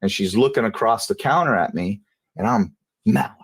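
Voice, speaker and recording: A man telling a personal story in an interview, in a casual, halting way, often repeating and restarting phrases. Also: mid-range voice, sing-song, gravelly, breathy edge, dry recording. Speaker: interview guest.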